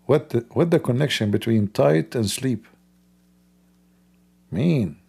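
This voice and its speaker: Slow, gravelly man mocking on a livestream. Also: medium pitch, lively intonation, mellow. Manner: mocking, sarcastic. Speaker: host. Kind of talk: livestream commentary.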